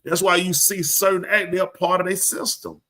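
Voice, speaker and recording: A man talks animatedly on a live show, pressing every point hard. His voice is bright and sits a little high. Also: normal speed. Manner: animated, emphatic storyteller. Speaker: show host. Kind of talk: live show casual talk.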